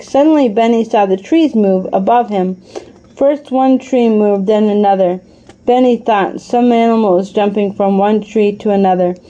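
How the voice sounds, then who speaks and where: A woman narrating a children's storybook aloud at a clear, even pace. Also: medium pitch, highs cut off.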